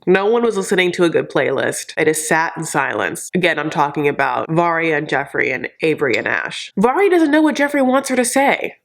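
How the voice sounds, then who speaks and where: A woman hosting a reality TV recap, talking straight to viewers in an animated, sarcastic, opinionated way. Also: low-pitched, fairly quick, vocal fry, few pauses. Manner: animated and sarcastic, acts out quotes in exaggerated voices. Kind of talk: opinionated casual recap commentary.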